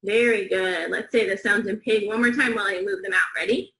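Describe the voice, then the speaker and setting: A woman teaching young students a phonics lesson, slow, clear and encouraging, with call-and-response counting. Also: medium pitch, steady tone, a bit bright, reverberant, poor audio.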